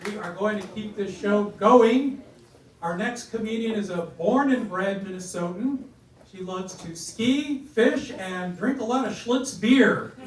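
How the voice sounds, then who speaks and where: A man's voice: high-pitched, background noise. A man hosting a comedy show, introducing the next act in an upbeat, announcing way. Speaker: show host. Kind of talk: emcee introduction. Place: comedy club stage. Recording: echoey room, distant mic, loud crowd.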